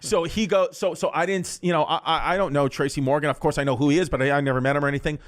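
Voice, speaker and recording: Animated, fairly high-voiced male storyteller. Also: racing. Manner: animated, breaks into voices of people in his story; laughs often while telling the story. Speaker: comedian telling a story on a podcast. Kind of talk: casual storytelling chat.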